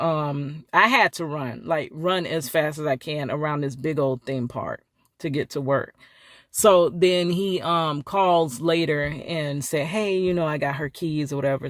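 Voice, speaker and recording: A woman's voice: no echo, clean studio sound. A woman telling a story to camera in a casual vlog, acting out each person with big jumps in her voice and laughing often. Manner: animated, acts out quotes with big pitch jumps, laughs often.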